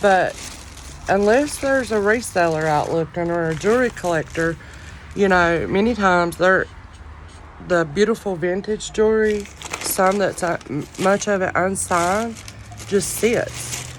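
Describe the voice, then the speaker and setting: A woman with a deep Southern drawl chatting casually to her viewers about jewelry she is selling, in a loud, carrying, folksy voice. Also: measured pace. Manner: drawling, folksy, says y'all often. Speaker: online jewelry reseller. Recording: outdoor wind noise.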